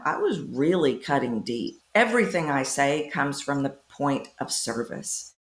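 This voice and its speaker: A woman voice coach talks frankly as a podcast guest. Her voice is strikingly deep for a woman. The recording has a noticeable room echo. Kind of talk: interview clip. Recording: echoey room.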